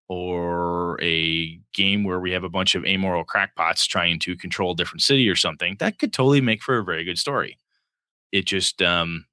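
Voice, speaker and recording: Male podcast co-host, lower-pitched, animated and teasing, dry close sound. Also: no room sound. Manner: joking, laughs often. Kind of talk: casual chat.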